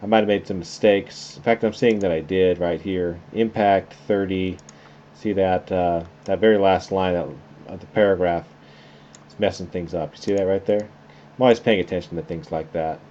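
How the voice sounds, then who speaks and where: Man, very deep voice, dark and mellow, casual screen-recorded tutorial, slightly dull lo-fi sound. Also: moderate pace, a little hiss or hum. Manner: relaxed, conversational, thinking aloud while clicking. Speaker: teacher.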